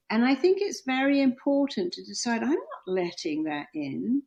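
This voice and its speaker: A woman's voice: a little high, normal speed, creaky, hardly any pauses, dull audio. Storytelling middle-aged woman guest. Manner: animated storytelling, acting out quoted voices. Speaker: guest, therapist and author. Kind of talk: podcast interview.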